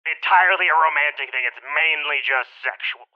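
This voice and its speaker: A man's voice: fairly high pitch, fairly quick, muffled recording, pitched below the performer's own voice, close to an everyday voice. A man voicing a brash, exasperated wife in a comedic tabletop role-play. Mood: flustered.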